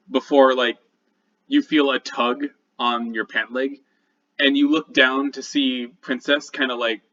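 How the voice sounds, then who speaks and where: Man narrating a tabletop game, halting. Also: mid-range voice, pushed and bright, dull audio. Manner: halting, with many fillers. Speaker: game master.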